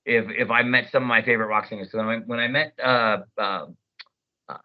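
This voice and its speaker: A man in his forties, a voice actor guest, talks casually and with lots of animation, slipping into playful voices. His audio comes through a little dull and lo-fi, at a medium pitch. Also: brisk. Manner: animated, breaks into loud sung snippets and mimicked voices. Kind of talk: casual interview chat.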